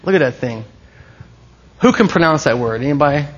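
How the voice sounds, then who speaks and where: A pastor delivers a sermon in a loose, conversational way, often breaking off and restarting sentences. His slightly high voice is husky, fairly quick and lively in intonation, and the recording sounds somewhat dull and lo-fi.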